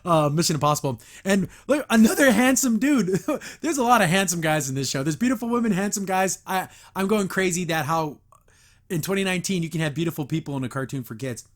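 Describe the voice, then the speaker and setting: Chatty man with a higher voice. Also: fast talker. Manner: animated, chatty, laughs often, self-interrupting. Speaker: podcast host. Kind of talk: casual episode review.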